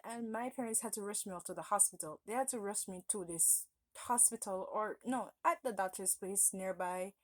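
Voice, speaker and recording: A woman's voice: mid-range voice, moderate pace, few pauses, dry recording. Rambling woman telling a casual story. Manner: rambling, often correcting herself mid-sentence. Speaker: vlogger telling a personal story.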